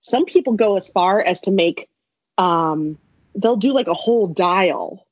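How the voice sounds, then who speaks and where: A young woman chats her way through a long, rambling story, full of asides and quick laughs. Her voice is husky and a little breathy, and it comes through dry and slightly muffled on a lo-fi recording. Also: medium pitch, animated, dry recording. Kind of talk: casual storytelling chat.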